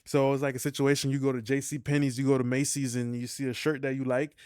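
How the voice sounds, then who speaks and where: A young man walks through a vocal mixing tutorial in loose, slangy casual talk. His voice is smooth and clear, sitting at a middle pitch, and is recorded dry and close. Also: level tone, quick pace, a little mellow, no echo. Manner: slangy, loose, peppered with "you feel me". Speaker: music mixing tutorial host.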